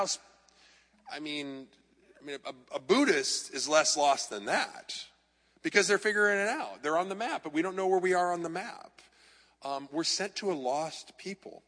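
A man preaching a sermon on the high side of pitch sounds bright and forceful, switching between vivid anecdotes and gentle self-deprecation. His voice echoes with a long, hall-like reverb.

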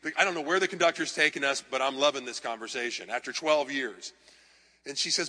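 A man preaching as a pastor, telling lively anecdotes with self-deprecating humor. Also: medium pitch, fairly quick. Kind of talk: storytelling sermon. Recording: long reverb of a large hall.

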